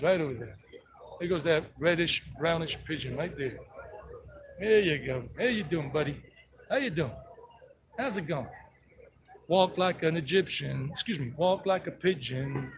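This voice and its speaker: A man's voice: on the high side, creaky. A man giving a playful, chatty walking-tour vlog outdoors in a town square. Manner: chatty, playful, talks to animals. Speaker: travel vlogger and tour guide. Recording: outdoor street noise.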